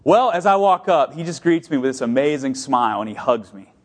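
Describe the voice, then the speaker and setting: A middle-aged male pastor preaching a sermon, telling a story, then slowing down for emphatic points. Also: medium pitch, animated. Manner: storytelling, shifts between brisk and slow emphatic delivery.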